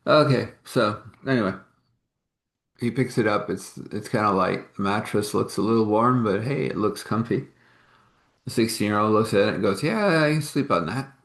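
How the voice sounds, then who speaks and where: A man's voice: lowish voice, moderate pace, vocal fry. A man telling a long story in a casual, rambling, homespun way, with many fillers. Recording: echoey room.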